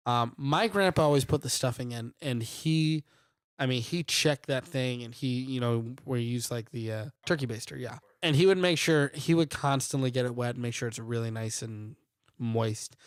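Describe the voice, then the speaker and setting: A man co-hosting a casual podcast, telling rambling stories in an animated way. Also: medium pitch, moderate pace, clear, resonant tone, no room sound, clean studio sound. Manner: rambling, animated storyteller with laughs. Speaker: podcast co-host. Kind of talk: casual chat.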